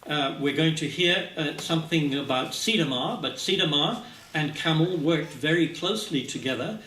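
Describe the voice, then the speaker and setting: A man giving a scientific talk at a symposium, speaking haltingly with many filler sounds, recorded from a distance in a lecture hall. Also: on the high side, sharp tone, slight background noise. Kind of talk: conference presentation. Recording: echoey hall, speaker far from mic.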